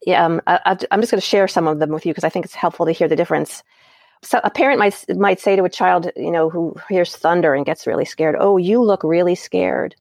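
A woman's voice: on the low side, fast, no echo, studio quality. A woman parent educator as an interview guest, explaining ideas and acting out example phrases with light laughs.

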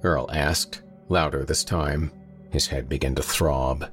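A man narrating a dark horror audiobook in a steady storytelling manner. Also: very deep voice, takes it slowly, soft background music.

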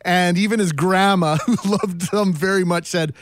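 A man's voice: sits high, fairly even intonation, moderate pace, dry recording. A man on talk radio telling a story in a matter-of-fact way.

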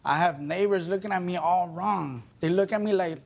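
A man giving halting, defensive testimony as a litigant in a TV courtroom. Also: sits high, creaky.

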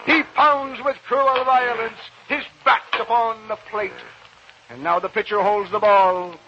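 A man giving a dramatic recitation of verse, declamatory, swinging between booming shouts and hushed, somber tones, on a hissy old radio recording. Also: fairly even intonation, measured pace, muffled recording.

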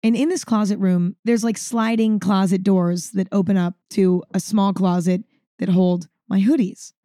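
At a moderate pace and in a mid-range voice, a woman narrates a story on her podcast, chatty and animated and saying "like" a lot. The recording is dry with clean studio sound.

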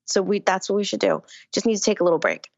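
A woman's voice: mid-range voice, sing-song, quick pace, vocal fry, a little mellow, dry recording. Congested woman guest on a dull line. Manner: candid, rambling talk with many "like"s. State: stuffy, congested from sinusitis. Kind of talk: casual conversation.

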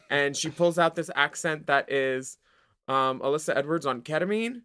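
A man's voice: a little high, moderate pace, bright, forceful tone, clean tone. A man co-hosting a podcast in casual chat, laughing often and acting out quoted conversations. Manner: chatty, laughing, acts out quoted dialogue. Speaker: podcast co-host.

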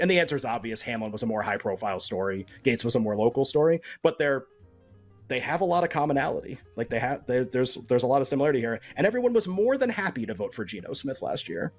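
A man co-hosting a sports betting podcast, arguing his point in a quick, animated way and often cutting himself off mid-sentence. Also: medium pitch, soft background music. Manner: argumentative, animated, self-interrupting. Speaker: podcast co-host. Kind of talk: casual sports betting chat.

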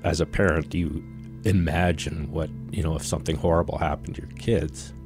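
A grieving father recalling events in an interview, halting, with pauses and fillers. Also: rumbling low, fairly even intonation, music in the background. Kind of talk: interview recollection.

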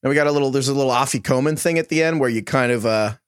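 A man's voice: mid-range voice, rapid-fire, clear, resonant tone, no room sound, studio quality. A man hosting a casual sports podcast, asking long, rambling questions full of fillers. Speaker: podcast host. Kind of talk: casual chat.

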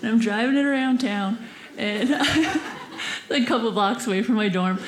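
A young woman telling a stand-up story on a club stage, giggling often, saying "like" a lot and putting on squeaky voices. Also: moderate pace. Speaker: stand-up comedian. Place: comedy club stage before a laughing audience. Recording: roomy live club sound with audience.

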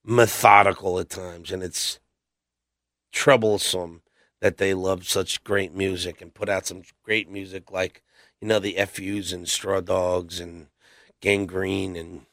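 Speaking at a measured pace in a level tone, this middle-aged man has a low, slightly bright voice. He's a metal singer appearing as a podcast guest, telling blunt, meandering stories and voicing what others said during a relaxed storytelling interview. The audio is dry and studio-clean.

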